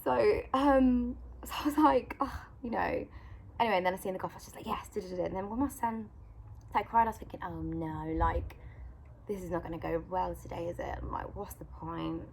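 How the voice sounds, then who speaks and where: A woman, a Christian vlogger and mother, telling a faith story in a casual, animated way and acting out the dialogue. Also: lowish voice, brisk, creaky, slight background noise. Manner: animated, acts out quoted dialogue, frequent "like". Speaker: mother of a young son.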